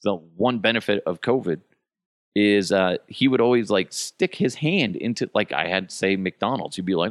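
A man riffs through a profane comedic monologue, mocking coworkers one by one. His lowish voice swings widely in pitch, and the sound is close and dry. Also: expressive, normal speed, no room sound. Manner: mocking, profane, breaks into impressions. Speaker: podcast host.

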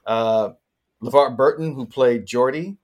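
A man in the middle of a relaxed podcast interview, spinning long anecdotes about his career. His voice sits at an ordinary pitch, and his stories wander, with plenty of "you know" and "uh" along the way. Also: unhurried. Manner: chatty, rambling anecdotes with frequent fillers. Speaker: actor guest. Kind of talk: casual interview storytelling.

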